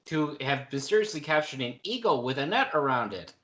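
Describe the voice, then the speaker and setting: A man's voice: fairly high pitch, lively intonation, a little fast, a bit bright. A man co-hosting a book podcast, teasing the others with dry sarcasm. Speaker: podcast co-host. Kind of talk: casual book-club chat.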